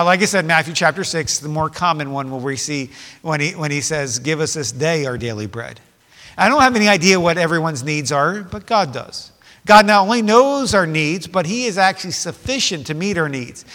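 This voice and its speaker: A man's voice: fairly high pitch, normal speed, bright, forceful tone. A middle-aged man preaching a sermon with impassioned force that swells and drops back. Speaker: pastor. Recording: long hall reverb.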